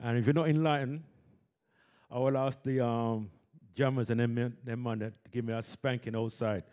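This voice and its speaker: A man's voice: mid-range voice, steady tone, normal speed, a little mellow. A man hosting a community event, coaxing the audience into call-and-response with a handheld microphone. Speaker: event host. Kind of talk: lively audience warm-up.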